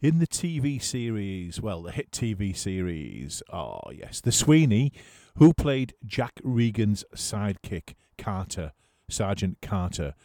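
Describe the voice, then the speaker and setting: A man hosting a live radio show, chatting and teasing listeners as he reads out shout-outs. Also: fairly low pitch, sing-song, takes it slowly, dry recording, studio quality.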